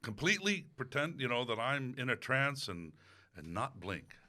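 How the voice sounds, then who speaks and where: A man, an opera singer, telling a story about a stage role in casual chat, lively and quick to laugh. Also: mid-range voice.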